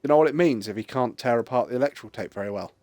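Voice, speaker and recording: A man's voice: mid-range voice, racing, a little mellow, no echo. Male streamer host, loose storyteller who swears a lot and laughs at his own tales, dead dry mic. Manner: rambling, swears freely, laughs at own stories. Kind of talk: casual chat.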